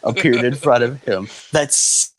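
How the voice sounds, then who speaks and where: A young man reading fanfiction aloud to friends on a call, tripping over creature names and backing up to fix them. His voice is mid-pitched and sounds close and dry, with no room around it. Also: measured pace, a bit bright, breathy edge, no echo, rough recording. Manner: stumbles on names, restarts. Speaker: fanfiction reader. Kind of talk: casual read-aloud with friends.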